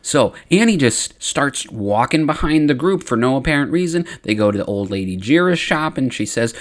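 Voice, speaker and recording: A man narrating a comedic story recap, slipping into quick character voices as he goes. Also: mid-range voice. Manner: lively, playful quoting of characters.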